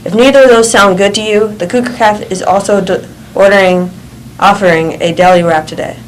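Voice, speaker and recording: A woman reading school morning announcements in a steady way, with small slips. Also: medium pitch, a little fast, slight background noise, rough recording.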